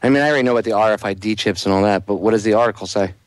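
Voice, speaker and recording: A man's voice: lowish voice, rapid-fire, dry recording. A man hosting a live talk radio show, chatting loosely and addressing the listeners directly. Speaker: radio host.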